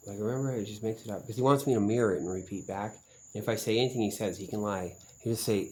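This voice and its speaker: A man's voice: fairly low pitch, quick pace, mellow, poor audio. A man vlogging in a rambling, profane monologue, full of fillers and suspicion.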